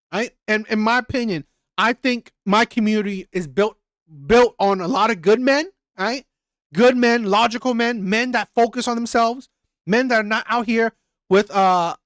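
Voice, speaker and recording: A man's voice: very high voice, fairly bright tone, dry recording. Man, reaction host, heated profane rant, repetitive, live chat commentary, dry close sound.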